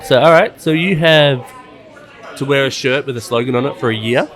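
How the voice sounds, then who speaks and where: A man's voice: medium pitch, normal speed, fairly bright tone. A man hosting a podcast in casual chat, laid-back, swearing and laughing easily. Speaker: podcast host and illustrator. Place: coffee shop.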